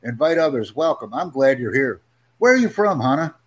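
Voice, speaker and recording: A man teaching an English conversation lesson over a video call, upbeat and encouraging, speaking in simple, slowed-down phrases. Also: medium pitch, big pitch swings, noisy background. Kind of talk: live online English lesson.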